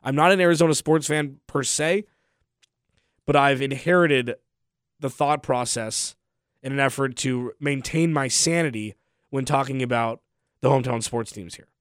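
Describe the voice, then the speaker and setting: A man's voice: medium pitch, normal speed, clean tone, no room sound, studio quality. A young adult man hosting a sports podcast, talking casually with a sore throat, rambling and trailing off at the ends of phrases. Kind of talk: casual solo podcast talk.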